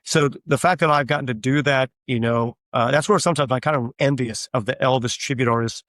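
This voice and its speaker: A man of middle pitch speaks as a guest in a casual interview. He tells long, rambling anecdotes and fills them with frequent fillers. The recording is dry and close, with little room sound. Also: steady tone, a little fast, a bit bright, no echo. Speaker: guest, tribute artist of a famous singer.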